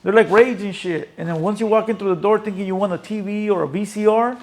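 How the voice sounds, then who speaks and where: A man with a high voice hosts a casual interview. He asks his questions in relaxed street slang. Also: fast talker. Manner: laid-back slangy questioning. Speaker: podcast host.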